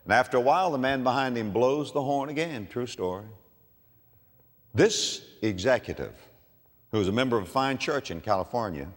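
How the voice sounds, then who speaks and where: A man preaching a sermon, telling a story and moving between quiet asides and loud exclamations. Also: medium pitch. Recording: long reverb of a large hall.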